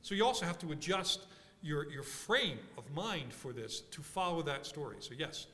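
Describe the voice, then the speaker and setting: A man from Philadelphia giving a conference workshop talk, animated and thinking aloud with frequent restarts. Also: a little high, moderate pace. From Philadelphia, USA. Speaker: workshop speaker. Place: large conference hall. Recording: conference hall reverb.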